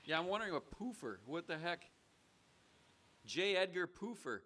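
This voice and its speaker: American guy hosting a joke call-in show, bright voice, kinda high, blustery. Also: big pitch swings. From United States. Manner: wry, blustery, quick asides. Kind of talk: mock radio call-in show.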